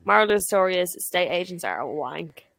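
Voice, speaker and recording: A woman in her thirties with an Irish accent, co-hosting a podcast and telling sweary, animated stories in casual chat. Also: on the low side, fast, gravelly, dry recording. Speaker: podcast co-host.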